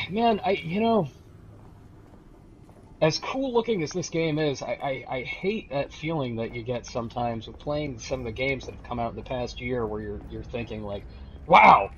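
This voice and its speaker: A man's voice: mid-range voice, moderate pace, a little hiss or hum. A man giving jokey, sarcastic commentary while streaming a video game. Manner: jokey, sarcastic, laughs often. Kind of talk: casual gameplay commentary. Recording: dull lo-fi stream audio.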